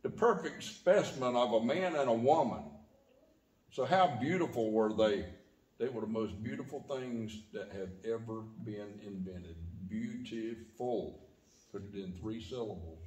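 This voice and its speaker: A man's voice: normal speed, a little mellow. Man preaching in an echoey church. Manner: preaching with sudden rises and drops in pitch and volume. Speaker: pastor. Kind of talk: sermon. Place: church sanctuary.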